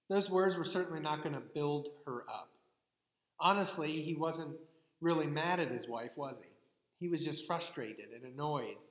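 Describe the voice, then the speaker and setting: A man preaching a sermon as a pastor, measured and earnest, posing rhetorical questions to his listeners. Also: on the high side. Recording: echoey hall with long reverb.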